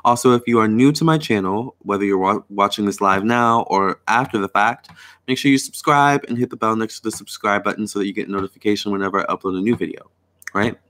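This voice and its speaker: A man's voice: on the low side, fast, a bit bright. Chatty man hosting a tarot live stream. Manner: chatty, reads viewer comments aloud, repeats "all right" and "you guys". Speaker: tarot reader and astrologer host. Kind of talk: casual live stream chat.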